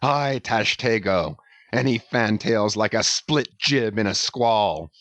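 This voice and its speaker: Vengeful old whaling captain read by a man, thundering rants, slow and dry. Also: lowish voice, animated, fairly bright tone, no echo. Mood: fierce. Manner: thundering, ranting declamation. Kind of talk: audiobook character reading.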